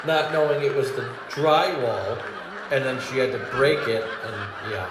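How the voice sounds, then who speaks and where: A man's voice: on the high side, expressive, moderate pace. A man doing a stand-up comedy monologue, rambling with fillers and restarts, laughing at his own jokes and acting out customer voices. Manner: acts out angry and sweet customer voices. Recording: roomy ambience with faint noise.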